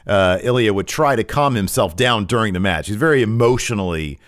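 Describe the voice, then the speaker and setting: A man with a lowish voice talks through a wrestling show in easygoing podcast chat. He rambles and restarts his sentences a lot. The sound is dry and close, with no room around it. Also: animated, fairly quick, dry recording. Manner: rambling, frequent restarts and fillers. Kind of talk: casual chat, recapping matches.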